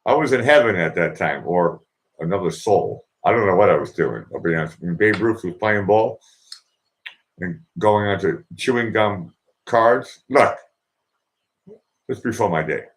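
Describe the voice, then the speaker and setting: A man with a Boston accent hosts his own livestream and chats in a loose, meandering way, cracking jokes and trailing off into "uh"s. His voice sits very low. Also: lively intonation, measured pace. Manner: chatty, joking, meandering with many fillers. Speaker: livestream host. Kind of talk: casual rambling monologue. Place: indoors in Vienna.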